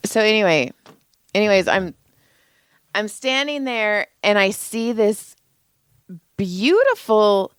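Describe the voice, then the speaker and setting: A woman's voice: mid-range voice, big pitch swings, slow pace, pauses often, clean tone, no echo. This woman tells stories with big swings in her voice, jumping from her own talk into everyone else's lines. She speaks casually, laughing and swearing as she goes, in a dry, close recording. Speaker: podcast co-host. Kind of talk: casual comedic storytelling.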